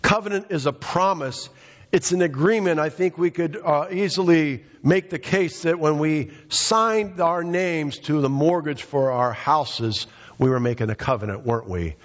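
A man delivers a sermon with emphatic repetition, addressing his congregation directly. His voice sits a little high. The sound is dull and muffled, with a long reverb trailing through a large hall. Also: normal speed. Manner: emphatic, repeats phrases, addresses congregation by name. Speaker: pastor.

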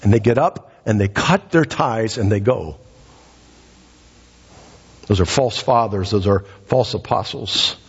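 Breathless preacher in an echoey hall. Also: male voice, a little slow, pauses often, slightly rough, lo-fi sound. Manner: emphatic, repeats phrases, dramatic pitch swings. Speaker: pastor. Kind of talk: sermon. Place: church sanctuary.

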